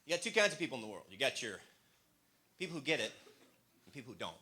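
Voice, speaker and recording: A man from the American Midwest doing stand-up comedy, playfully jumping into loud, goofy voices. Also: mid-range voice, very animated, fast talker.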